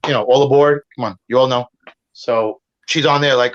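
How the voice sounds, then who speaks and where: Speaking at a normal pace in a mid-range voice, this Puerto Rican guest on a stream is locked in a heated argument. He swears, rambles on, and cuts across his opponent, all captured in muffled, low-fidelity sound.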